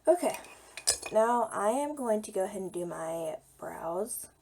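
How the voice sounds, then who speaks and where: A young woman talks through her makeup routine in a relaxed, chatty way, her voice a little hoarse and gravelly. Her tone sits low and mellow. A faint hum of noise runs behind her. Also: a little slow. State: slightly hoarse. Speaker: beauty vlogger. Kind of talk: casual makeup tutorial.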